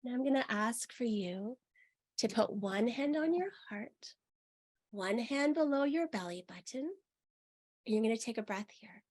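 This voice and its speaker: Woman, young adult, meditation teacher; soothing, unhurried, a touch high. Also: lively intonation. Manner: slow, soothing and soft-spoken. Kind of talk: guided meditation.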